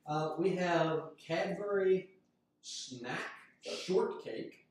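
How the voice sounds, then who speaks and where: A man's voice: sits high, extremely slow, darkish tone. An American man hosting a casual group snack chat, upbeat and reading product names aloud, recorded from a distance in an echoey room. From United States. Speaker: show host. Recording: echoey room, distant mic, faint noise.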